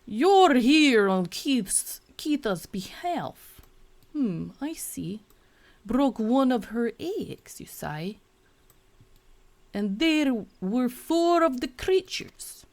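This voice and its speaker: A woman voicing a stern female soldier with slow, solemn delivery over game music. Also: extremely high pitch, very animated, voice pushed up, full character voice. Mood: grave.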